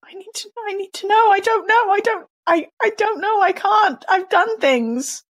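A woman's voice: high-pitched, expressive, unhurried. A woman playing her tabletop character, speaking in a stammering, anxious, pleading way. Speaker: player character Reth. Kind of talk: in-character tabletop role-play.

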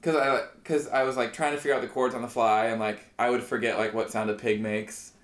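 A young man telling a self-deprecating story in casual podcast chat, halting, with many restarts. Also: medium pitch, little pitch movement. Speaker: guest comedian and musician. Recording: roomy echo.

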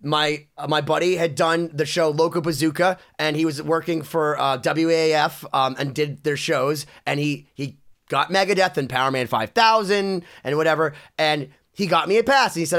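A podcast co-host with a high, bright voice tells a story loosely and with energy. He rambles and stacks up fillers as he goes. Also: moderate pace. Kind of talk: casual storytelling.

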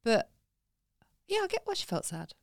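A woman's voice: on the high side, wildly swooping pitch, normal speed, dry recording, clean studio sound. A woman co-hosting a casual podcast, speaking in an earnest, reflective and supportive way. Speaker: podcast co-host. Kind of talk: casual chat.

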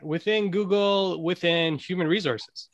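Muffled, soft-spoken male interviewer. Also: high-pitched, measured pace. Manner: brief, agreeable replies. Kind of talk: casual interview.

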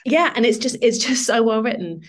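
A woman's voice: fairly high pitch, animated, fairly quick. A woman author talking about books as a podcast guest, effusive and rambling, full of restarts and "like"s. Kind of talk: casual book chat.

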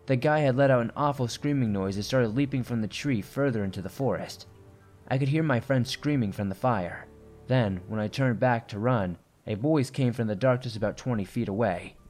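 A man narrating a first-person horror story in a steady, tense storytelling manner. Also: medium pitch, moderate pace, soft background music.

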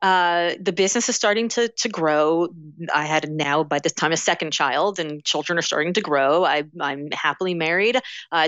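A middle-aged woman tells stories as an interview guest, animated and quick to act out the voices in her head. Her voice is dry and close, with a dull, lo-fi sound. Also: fairly low pitch, no room sound. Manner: animated, acts out inner voices, many restarts. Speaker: guest author. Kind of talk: casual interview storytelling.

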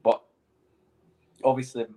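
A man with a Scottish accent hosting a podcast, teasing his co-host in casual banter with quick laughs. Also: dark tone. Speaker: podcast host, former footballer. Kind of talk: casual chat.

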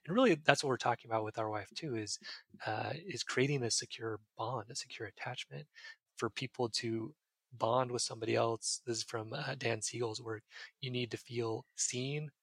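A man's voice: mid-range voice, fairly even intonation, moderate pace, vocal fry, fairly bright tone, breathy edge, dry recording. A man, a psychiatrist guest on a podcast, earnestly explaining ideas with everyday examples. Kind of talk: casual podcast advice.

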